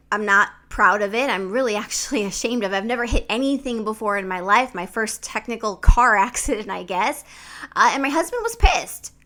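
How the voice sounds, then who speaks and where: A woman's voice: on the high side, bright, forceful tone. A woman relationship coach giving candid advice to men straight to camera, speaking frankly and swearing freely. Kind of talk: direct-to-camera advice vlog.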